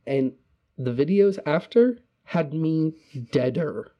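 A man's voice: on the high side, animated, slow pace. A man co-hosting a casual chat, laid-back and heavily profane, often acting out quotes. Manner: laid-back, heavy swearing, acts out quotes. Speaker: podcast co-host. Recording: slightly dull lo-fi mic.

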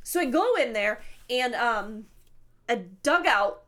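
A woman in her thirties telling a spooky personal story in casual chat, animated, swearing freely and laughing often. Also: fairly high pitch, slow. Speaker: podcast co-host.

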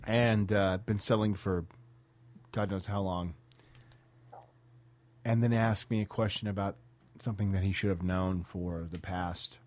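A man co-hosting a podcast, laid-back and quick to agree, swearing casually. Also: sits low, fairly even intonation, a little mellow. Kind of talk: casual chat.

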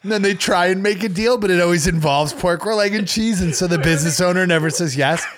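A man's voice: high voice, fast, a crowd in the background. A man co-hosting a podcast in casual chat, telling jokes with put-on quotes. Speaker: podcast co-host.

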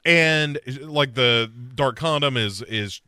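A man's voice: medium pitch, takes it slowly, bright, forceful tone, smooth, no echo, clean studio sound. A man co-hosting a podcast, casually recapping a show and acting out quotes in a rambling, playful way. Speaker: podcast co-host.

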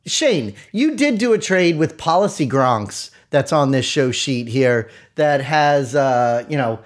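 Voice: medium pitch, lively intonation, unhurried. Host who giggles and teases, voice bounces around a lot. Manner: giggly, teasing. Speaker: fantasy football podcast host. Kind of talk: casual chat.

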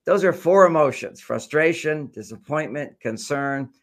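A man's voice: on the high side, animated, unhurried. An older man, a guest author, explaining relationship ideas with generalizations and stories in a talk show interview.

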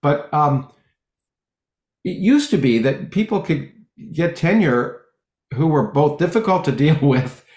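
A middle-aged man, a physicist guest in an interview, talking in long rambling stretches full of restarts and lively anecdotes. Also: fairly high pitch, takes it slowly, echoey room. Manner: rambling with many restarts, animated when telling jokes. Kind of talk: conversational interview, anecdotal storytelling.

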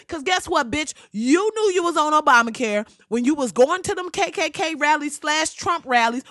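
A woman's voice: high voice, a bit bright, dry recording, clean studio sound. A woman hosting a show, delivering a blunt, heated comedic rant full of swearing and slang.

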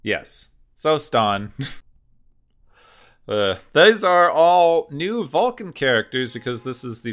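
Bright-voiced man co-hosting a podcast. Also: fairly low pitch, clean tone. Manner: recaps plot in long run-on sentences. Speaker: podcast co-host. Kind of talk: casual podcast discussion.

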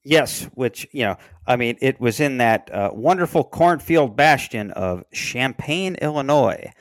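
A man's voice: mid-range voice, expressive, unhurried, dry recording. A man co-hosting a podcast, chatting casually about music history with wry, sardonic, profane asides. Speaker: podcast co-host.

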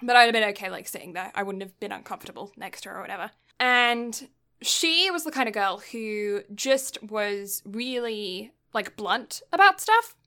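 A woman's voice: mid-range voice, animated, normal speed, bright, forceful tone. A young woman from Britain telling a long story in casual chat, rambling with lots of fillers and getting exasperated.

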